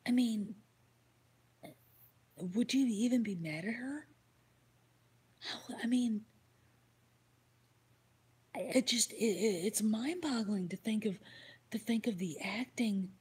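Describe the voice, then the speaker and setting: A woman's voice: on the high side, slow pace, long pauses, a little mellow, slightly rough. A woman hosting a livestream, casually retelling a story and answering chat, swearing freely and slipping into whispered asides. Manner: reads and answers chat comments. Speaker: livestream host.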